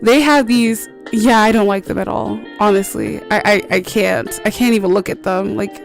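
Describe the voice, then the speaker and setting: A woman's voice: medium pitch, fairly even intonation, moderate pace, creaky, faint music behind. A woman streamer chatting casually while playing a game, rambling through stories with lots of filler words, swearing freely and laughing often.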